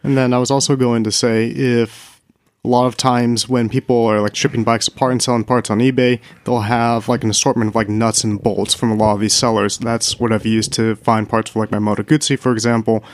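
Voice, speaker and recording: A man's voice: mid-range voice, little pitch movement, brisk, no room sound. Laid-back man chatting, dry close sound. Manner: loose, lots of "like" fillers. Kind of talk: casual chat.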